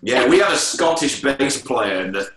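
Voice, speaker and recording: A man's voice: mid-range voice, animated, normal speed, fairly bright tone, roomy sound. A man with an English accent, a guest musician chatting casually and laughing easily. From England. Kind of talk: casual interview chat.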